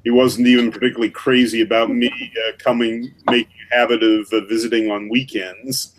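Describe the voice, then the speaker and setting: A man's voice: mid-range voice, flat delivery, a little hiss or hum. A man on a video call talking about his drawing. He hesitates often, restarting his sentences with lots of "uh"s. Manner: halting, with many restarts and "uh"s. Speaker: artist in an online drawing group. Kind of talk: casual chat while drawing. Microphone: video call mic.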